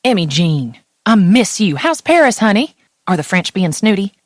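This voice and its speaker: A woman's voice: medium pitch, very animated, normal speed, no room sound, studio quality. A woman voicing a chatty middle-aged Southern mother with a Tennessee accent who dotes on her daughter over the phone. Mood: doting. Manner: doting, homespun, calls her daughter honey.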